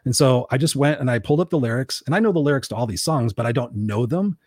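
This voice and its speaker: A man's voice: medium pitch, expressive, quick pace, a little mellow, dry recording, clean studio sound. A man hosting a podcast, telling a candid, emotional personal story with lots of restarts. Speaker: podcast host. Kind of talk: personal storytelling in casual talk.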